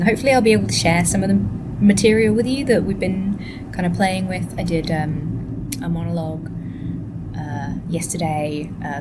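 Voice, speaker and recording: Tired woman rambling into a noisy webcam. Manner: rambling, soft-spoken, drifting into whispers. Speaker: vlogger and actor. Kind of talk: casual webcam vlog. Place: hotel room. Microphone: laptop webcam. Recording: noisy low-quality webcam audio.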